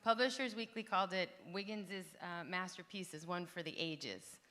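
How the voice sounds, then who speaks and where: Bright-voiced woman interviewing playfully. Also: fairly low pitch, normal speed. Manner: playful and teasing. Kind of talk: on-stage author conversation. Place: festival venue.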